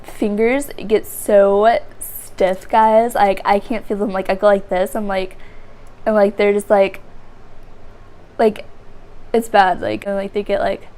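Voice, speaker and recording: Young woman vlogging, rambly storytelling, says like a lot, mid pitch. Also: little pitch movement, slow pace, pauses often, a little mellow. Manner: rambling, heavy use of "like" fillers. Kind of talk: casual storytelling to camera.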